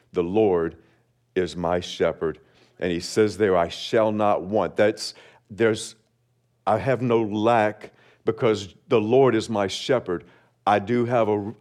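A man preaching a sermon as pastor, measured and deliberate, slowing down on key phrases and leading the congregation in reading along. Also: on the low side, darkish tone. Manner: leads congregation in responsive reading.

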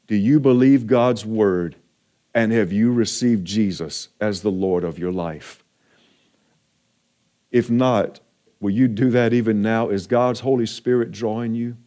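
Mellow-voiced man preaching a sermon. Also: mid-range voice. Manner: earnest, encouraging preaching with slow emphatic stretches. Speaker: pastor.

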